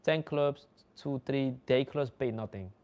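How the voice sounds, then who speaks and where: With a mid-range, slightly mellow voice and an unhurried delivery, a livestream host whose native language is Dutch shares relaxed stories in English. He often laughs and performs other people's lines.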